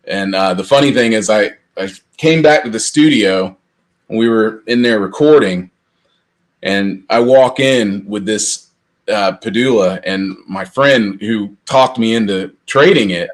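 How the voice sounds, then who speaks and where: A middle-aged man co-hosting a podcast, telling long rambling anecdotes with lively restarts. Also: lowish voice. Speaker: podcast co-host. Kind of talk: casual storytelling chat.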